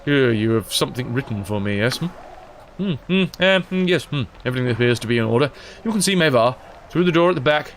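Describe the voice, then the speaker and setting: A man's voice: mid-range voice, lively intonation, fast talker, fairly bright tone, a little hiss or hum. A man doing a fussy, hemming doorman. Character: fussy male guild doorman checking papers.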